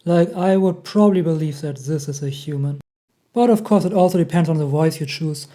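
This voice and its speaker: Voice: mid-range voice, fairly quick, warm tone. A tutorial host talking casually while walking through a program on screen, thinking aloud as they click through the menus.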